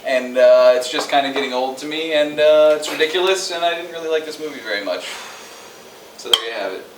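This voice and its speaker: A man gives a loose, sarcastic movie review full of ums and uhs. His voice sits a little high. He is recorded in an echoey room, well away from the mic, with faint noise behind him. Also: a little fast, recorded from a distance. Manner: rambling, sarcastic, many fillers. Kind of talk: casual movie review chat.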